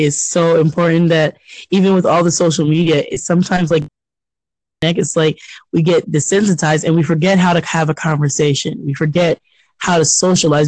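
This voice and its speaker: A man co-hosting a podcast in casual chat, telling animated stories, acting out quotes and laughing often. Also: a little high, no echo, low-quality recording. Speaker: podcast co-host.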